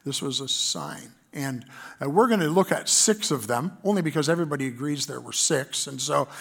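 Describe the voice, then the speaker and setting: A pastor with a Canadian accent preaching a sermon in an earnest way, reading scripture aloud with fillers. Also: male voice, mid-range voice, animated, moderate pace, gravelly, fairly bright tone, breathy edge.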